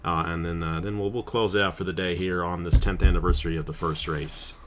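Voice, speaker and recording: A man's voice: sits low, fairly even intonation, a little fast, slight background noise. Guy hosting a racing stream, choked up and crying, laughing through it, heartfelt thank-yous. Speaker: channel host and race commentator. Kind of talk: emotional closing remarks on a stream.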